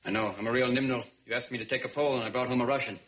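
A man playing a zany male alien visitor to Earth in a 1970s sitcom, with rapid silly wordplay. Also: medium pitch, fairly even intonation, very noisy, lightly acted. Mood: goofy.

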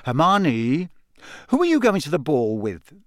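A man's voice: on the high side, wildly swooping pitch, a little slow, no echo, studio quality. A man reading aloud voices a blunt, easily irritated teenage boy who snaps. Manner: snappish, blunt. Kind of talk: audiobook character voice.

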